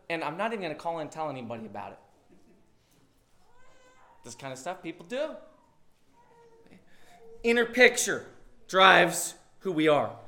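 A man delivers a sermon with a notably high-pitched voice. He preaches in a conversational, unpolished way, then punches certain words much louder for emphasis. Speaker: pastor.

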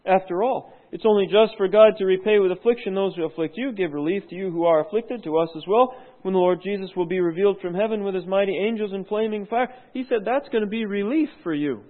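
High-voiced male preacher on a tinny line. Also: fast, hardly any pauses. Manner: conversational, asks rhetorical questions; clears throat often. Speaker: pastor. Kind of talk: sermon. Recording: tinny phone-like sound.

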